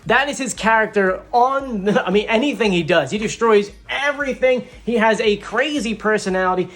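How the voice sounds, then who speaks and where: A man hosting a casual video, chatting excitedly and a little boastfully to his viewers. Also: high voice, normal speed. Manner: excitable and animated, playfully boastful. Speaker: video host breaking down a TV singing show. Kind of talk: casual chatty commentary to camera.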